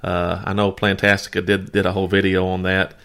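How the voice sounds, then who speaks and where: A man's voice: deep voice, monotone, brisk, creaky, a bit bright, clean tone. A man co-hosting a podcast, chatting casually and telling rambling, self-deprecating stories. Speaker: podcast co-host. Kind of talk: casual chat.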